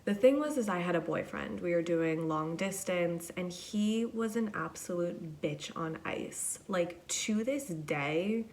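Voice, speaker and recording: Young woman, podcast host, casual storytelling, rambling, swears a lot, self-deprecating, slightly low voice. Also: unhurried, few pauses, darkish tone, a little hiss or hum.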